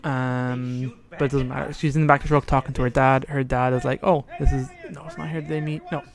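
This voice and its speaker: A gravelly, medium-pitched man keeps an even tone and a brisk pace while recapping a story on his podcast. He's casual about it and performs the quoted dialogue.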